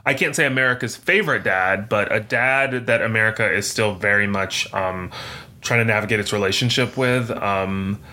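A man co-hosting a casual movie-review chat, sharing film trivia with lots of "um" pauses. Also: fairly low pitch, bright, forceful tone. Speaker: podcast co-host.

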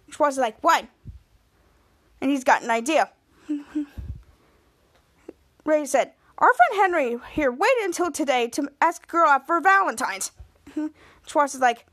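A woman's voice: high voice, animated, a little slow, pauses often, a bit bright, no echo, clean studio sound. A woman podcast host casually recapping a TV episode, retelling scenes with lots of quoted lines.

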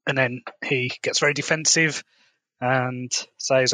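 A man's voice: medium pitch, fairly even intonation, measured pace, fairly bright tone, dry recording. A man co-hosting a podcast, casually recapping a TV episode with frequent laughs. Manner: laughs often, paraphrases dialogue loosely. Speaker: podcast co-host.

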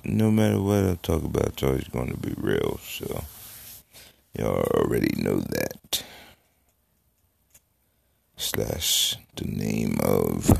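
This podcast host, an adult with a daughter, has a gravelly bass voice with a darkish tone. He talks alone in a laid-back, rambling, profane style, full of fillers. The recording is dry.

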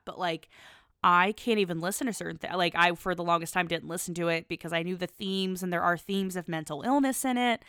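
A woman's voice: fairly low pitch, a bit bright, smooth, dry recording, clean studio sound. A young woman in her twenties chatting casually in a rambling, gushing podcast monologue, full of fillers and restarts.

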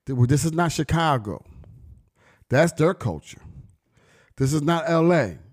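A man's voice: a little high, lively intonation, measured pace. A middle-aged man vlogging in casual, slangy street talk, telling stories emphatically and preaching to his listeners. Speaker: vlogger and brand owner.

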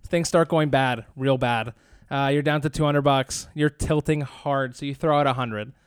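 A man's voice: mid-range voice, fairly even intonation, normal speed, clean tone, no echo, studio quality. A man co-hosting a sports betting podcast, telling a vivid casino story in the second person. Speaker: podcast co-host. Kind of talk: casual sports betting banter.

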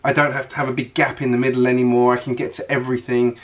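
A man's voice: medium pitch, little pitch movement, quick pace, lo-fi sound. A man chatting casually on his hobby vlog, rambling along with lots of fillers and restarts. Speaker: Lego hobby vlogger.

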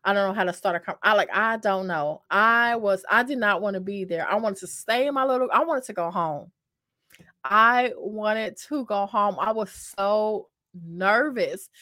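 At normal speed and in a medium-pitched, pushed, bright voice, a woman tells her viewers a dating story, joking at her own expense and calling them "y'all." She talks with many fillers and repeats, in a casual to-camera style. There's no echo, and the audio is studio quality.

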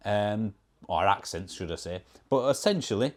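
A man's voice: fairly low pitch, animated, normal speed, a little mellow. A man with a Yorkshire accent, talking casually in a vlog as a car reviewer, wry and sarcastic while he reads out and answers comments. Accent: Yorkshire English. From Yorkshire, England.

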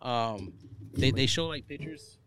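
A man's voice: mid-range voice, animated, unhurried, fairly bright tone. A young man co-hosting a casual chat in a laid-back, teasing and slangy way. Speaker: podcast co-host.

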